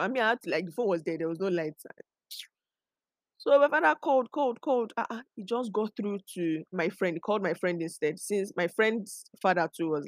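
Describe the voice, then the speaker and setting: Lively woman telling stories. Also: lowish voice, no room sound, studio quality. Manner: animated, laughing, acts out quotes in bursts. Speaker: podcast host. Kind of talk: casual storytelling chat.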